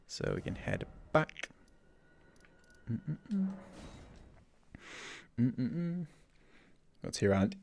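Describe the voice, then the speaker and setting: A man's voice: mid-range voice, darkish tone. A man chatting through a game livestream, thinking aloud and laughing often. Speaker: streamer. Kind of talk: livestream gameplay commentary.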